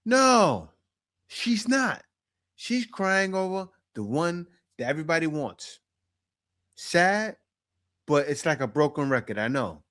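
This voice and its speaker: A man giving reaction commentary in a high voice at an unhurried pace. He leans on his points with emphasis and circles back to them, addressing the viewers directly. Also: sing-song, a bit bright.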